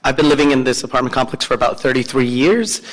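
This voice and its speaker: Guy interpreting at a city hearing, hesitant, lots of uhs, mid voice, long echo. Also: mid-range voice. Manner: hesitant, many filler pauses. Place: city council chamber. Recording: long echo in a council chamber.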